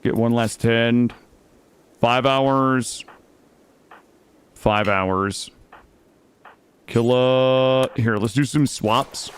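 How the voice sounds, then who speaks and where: A man's voice: medium pitch, fairly even intonation, very slow, pauses often, clear, resonant tone. A young man streaming a video game, talking through it live and swinging from muttering to panicked outbursts. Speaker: gaming streamer. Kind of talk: live gameplay commentary. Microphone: studio microphone.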